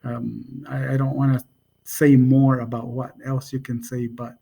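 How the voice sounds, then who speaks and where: A man teaching a language in a casual spoken lesson, unhurried and hesitant, with many pauses and fillers. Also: medium pitch, little pitch movement, gravelly, warm tone, breathy edge.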